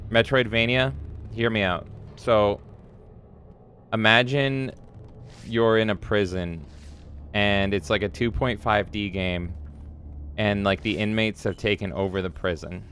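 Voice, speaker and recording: Here a man with a lowish, slightly bright voice keeps a steady tone and a measured pace, with a bit of background noise behind him. He's live-streaming a video game, joking around, cursing, and reading chat messages aloud.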